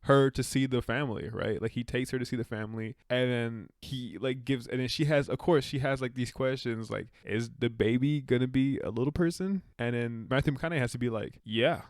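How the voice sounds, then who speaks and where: A man giving a casual movie review rant, excitable and profane, rambling with restarts and self-corrections. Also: mid-range voice, brisk, few pauses, no echo, studio quality.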